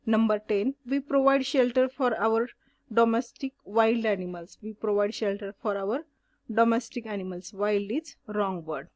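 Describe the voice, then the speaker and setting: A woman teacher reading out exercise questions and their answers in a slow, deliberate question-and-answer way. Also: medium pitch, dry recording.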